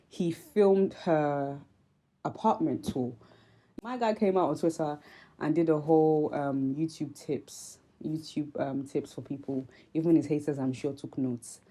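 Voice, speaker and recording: A young woman from Nigeria with a Nigerian accent shaded by British speech, hosting her own vlog. She speaks earnestly and reflectively, pausing with frequent ums. Her voice sits low and mellow. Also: poor audio. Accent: Nigerian with British influence. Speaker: vlog host. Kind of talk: casual commentary to camera.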